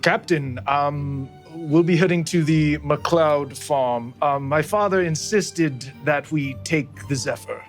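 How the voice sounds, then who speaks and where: A man voicing a stiff, formal young nobleman who speaks in low, measured words. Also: soft background music.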